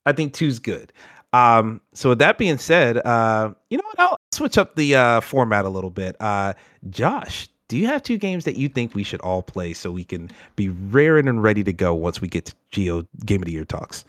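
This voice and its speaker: A man hosts a casual podcast chat, his pitch leaping around as he jokes and fills pauses with ums. He sits close to a dry mic. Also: dry recording. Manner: animated, joking, many fillers. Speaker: podcast host.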